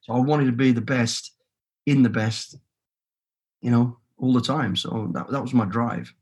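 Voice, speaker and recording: Blunt Brummie man, husky voice. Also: medium pitch, fairly even intonation, a little slow, darkish tone. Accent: Birmingham. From England. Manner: blunt and swearing freely, telling stories with quoted inner thoughts. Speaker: guest. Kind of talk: candid podcast interview.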